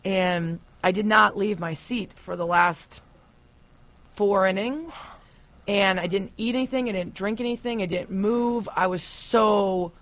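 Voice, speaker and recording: A podcast host in casual interview chat, chatty and expressive. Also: mid-range voice, a little slow, dry recording.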